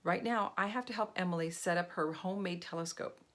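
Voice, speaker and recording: A patient, friendly schoolteacher, read aloud by a woman. She sounds calm and steady, pitched slightly low. The delivery is a plain storybook voice. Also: fairly quick, close to an everyday voice.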